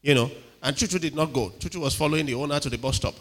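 A man preaching a sermon with animated delivery, acting out quotes and checking in with the congregation. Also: fairly high pitch, very fast. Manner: animated, dramatic, acts out quotes, asks the crowd "are you with me". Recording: reverberant hall.

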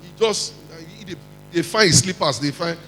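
A man with a Nigerian accent preaching a lively sermon, acting out quotes and mixing in pidgin. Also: sits high, normal speed, in a large hall, soft background music, rough recording. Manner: animated, mixes in pidgin, acts out quotes.

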